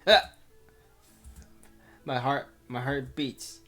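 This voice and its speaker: A man's voice: a little high, lively intonation, unhurried, faint music behind. A man reading a visual novel aloud with his own commentary, rambling and cutting himself off. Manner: rambling, self-interrupting, laughs often. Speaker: let's player.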